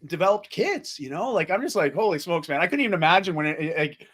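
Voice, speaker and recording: A man co-hosting a podcast in casual chat, animated and enthusiastic, laughing often. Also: sits high, fast talker. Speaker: podcast co-host.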